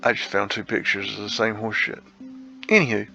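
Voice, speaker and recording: A man's voice: lowish voice, steady tone, fairly quick, creaky, bright, forceful tone. A man hosting a casual photo-tour commentary, rambling and musing with slangy asides. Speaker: host. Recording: dull lo-fi sound with faint guitar music.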